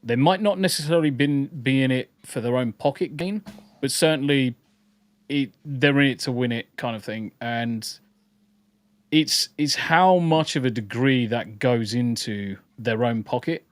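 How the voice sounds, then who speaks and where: A man's voice: mid-range voice, moderate pace, dry recording. Sweary blunt man ranting. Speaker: podcast host. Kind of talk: casual podcast chat reading live chat.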